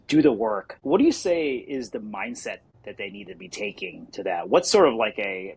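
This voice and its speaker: A man's voice: fairly low pitch, breathy edge, poor audio. A man co-hosting a podcast, asking long questions with hesitant restarts. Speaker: podcast co-host. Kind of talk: casual podcast chat.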